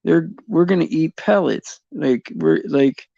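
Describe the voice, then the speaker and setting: Gravelly guy rambling slow on his stream, lots of ums and little laughs, dry dull sound. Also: on the high side, mellow, no echo. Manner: rambling, halting, many fillers and restarts, chuckling often. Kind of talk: casual faith chat, livestream.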